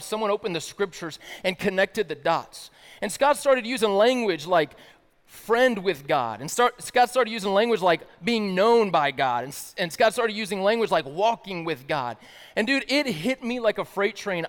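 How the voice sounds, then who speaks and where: A man's voice: high-pitched, fairly bright tone, big-room sound. A man from the American South giving a casual, slangy personal testimony as a worship-night speaker. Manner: casual, youthful slang, laughs often. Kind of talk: sermon-style personal testimony.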